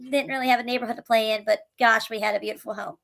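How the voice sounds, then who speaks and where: Bright-voiced woman telling her story. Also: a little high, fairly even intonation, very fast, vocal fry, poor audio. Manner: earnest and emotional, tumbling restarts and repeated words. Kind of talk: candid personal storytelling to camera.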